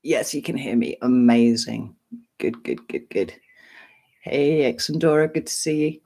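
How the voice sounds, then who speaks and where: A middle-aged English woman hosting a casual live stream, greeting viewers by name and clearing her throat often. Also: extremely low pitch, lively intonation, measured pace, mellow. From England.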